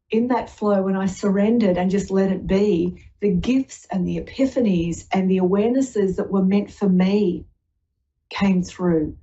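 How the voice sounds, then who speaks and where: A woman hosting a psychic radio show, telling rambling spiritual stories in a gentle, heartfelt way. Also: medium pitch, lo-fi sound, a little hiss or hum. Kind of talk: spiritual talk show monologue.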